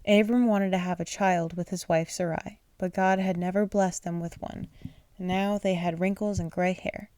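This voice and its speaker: A woman's voice: on the low side, fairly even intonation, normal speed, smooth, dry recording. A woman reading a children's bedtime story aloud, sleepy and apologetic, stumbling over names and restarting lines. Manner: gentle, unpolished reading with restarts. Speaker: channel host reading aloud.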